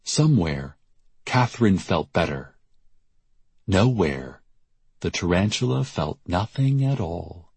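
A man narrating a novel as an audiobook in a measured, deadpan storytelling manner. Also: deep voice, gravelly, slightly rough, no echo.

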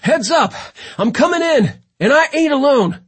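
A man voicing a gruff male warrant officer, shouting over a static-filled headset radio. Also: very high voice, lively intonation, normal speed, no echo, voice pushed up. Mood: shouting, urgent.

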